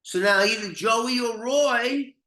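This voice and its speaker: A man's voice: extremely high pitch, takes it slowly, sharp tone. Profane older man telling a story. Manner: profane, rambling, laughs often. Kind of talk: casual storytelling. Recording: roomy echo.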